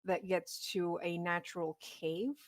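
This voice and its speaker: A woman's voice: lowish voice, little pitch movement, measured pace. A woman narrating as dungeon master in a casual, laughing way, with loose restarts. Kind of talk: narrating a tabletop game.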